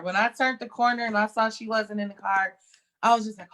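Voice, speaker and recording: A woman's voice: medium pitch, steady tone, quick pace, a bit bright. A young woman from Rochester, speaking as a guest on a video call, talking in an earnest, emphatic way. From Rochester, New York. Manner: earnest and emphatic, becomes heated and tearful when recalling. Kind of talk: casual interview talk.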